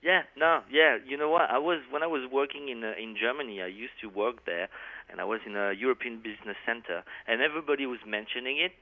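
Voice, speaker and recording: A man's voice: medium pitch, fast talker, dry recording. A man in his thirties with a French accent, chatting casually as an interview guest, rambling with lots of fillers and restarts. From France. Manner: rambling, many fillers and restarts, laughs easily. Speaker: touring metal musician, interview guest. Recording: tinny phone line.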